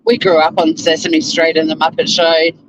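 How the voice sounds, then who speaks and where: Driving to work, an Australian lawyer hosts a casual live-stream chat from his car, greeting viewers by name and occasionally swearing. His voice sits a little high with little pitch movement, at normal speed, against a noisy background.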